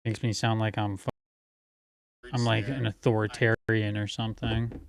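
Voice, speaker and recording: A man's voice: fairly low pitch, little pitch movement, moderate pace, creaky. A man hosting a livestream in casual chat, blunt and picky about how words get used. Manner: blunt, pedantic about wording. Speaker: livestream host.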